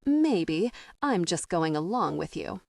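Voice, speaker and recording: A woman voicing a teasing, defiant young wife in a romance audiobook, speaking in a slow drawl. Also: lowish voice, sing-song, vocal fry, darkish tone, no echo, full character voice.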